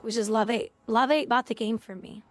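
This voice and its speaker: Blunt woman streamer scolding chat, slightly high voice, music faint behind. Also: steady tone, a little fast. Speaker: game streamer. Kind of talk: casual live-stream chat.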